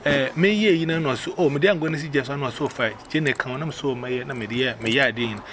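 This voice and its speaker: A man with a Ghanaian accent telling a personal story in casual, animated speech, acting out the voices he quotes. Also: mid-range voice, fast, slight background noise.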